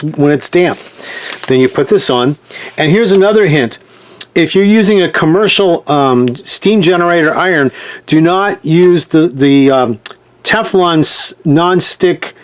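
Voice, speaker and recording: A man teaching a hands-on sewing demonstration in a chatty way, often checking in with his viewers. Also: a little high. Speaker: sewing instructor.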